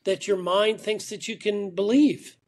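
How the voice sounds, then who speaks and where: High-pitched male guest on a remote call, chatty storyteller, restarts often. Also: fairly even intonation, unhurried, gravelly. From Atlanta, Georgia. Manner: talkative, storytelling with repeated restarts. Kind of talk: casual interview chat.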